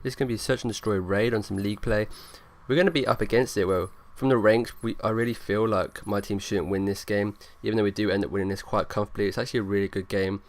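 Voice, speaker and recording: A man's voice: on the low side, steady tone, fast talker, hardly any pauses. A young man rambling through casual gameplay commentary, leaning on lots of fillers. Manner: rambling, filler-heavy, talks over gameplay. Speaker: gaming YouTuber.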